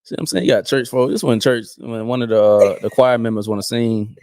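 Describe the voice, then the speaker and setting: A man co-hosting a podcast, telling a story in a casual, animated way. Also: medium pitch, brisk, no room sound. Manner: animated, acts out voices in quoted dialogue. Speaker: podcast co-host.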